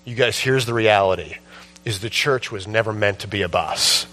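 A man preaching a sermon, telling a story with passion and building to shouts at its peak. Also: on the low side, moderate pace. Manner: impassioned storytelling, rising to shouts at the climax. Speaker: pastor.

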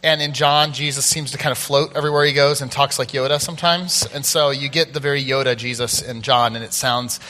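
Playful pastor in an echoey hall. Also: male voice, mid-range voice, a little fast, hardly any pauses, slight background noise. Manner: animated, playful, thinks aloud. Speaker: pastor leading discussion. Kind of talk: casual church Bible discussion.

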